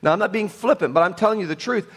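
A male pastor preaching a sermon. He is emphatic and swings from loud, high declarations to hushed, low tones. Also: very fast, slightly rough.

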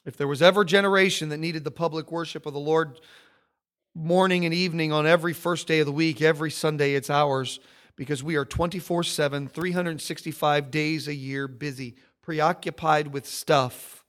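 A man preaching a sermon, emphatic and animated, stacking up repeated phrases as he tells the story. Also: a little high, normal speed. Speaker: pastor.

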